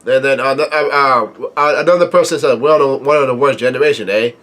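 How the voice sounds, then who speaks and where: A man reading a comic chapter aloud and commenting as he goes, hesitant with many fillers and easily excited. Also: mid-range voice, fairly quick. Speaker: manga reviewer. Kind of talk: casual read-through commentary.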